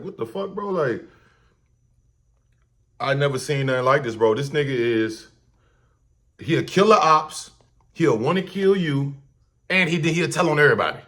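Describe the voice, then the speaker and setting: Slangy, rambling man reacting. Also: a little high. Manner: loose, slangy and profane, repeats and restarts often. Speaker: host. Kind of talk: casual reaction commentary.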